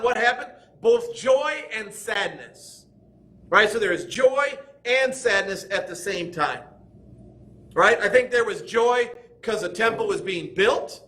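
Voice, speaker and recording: A man teaching a Bible lesson to a class, pitched high with a bright, forceful edge. He is animated and slips into little quoted voices as he explains. The setting is a church school classroom.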